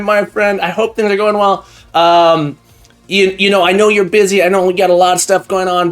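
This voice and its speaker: A fairly high-voiced man hosts a casual live stream, greeting each viewer by name with effusive thanks. His talk rambles and restarts as he gets a little emotional. Faint background music plays under his voice. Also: a bit bright. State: getting emotional.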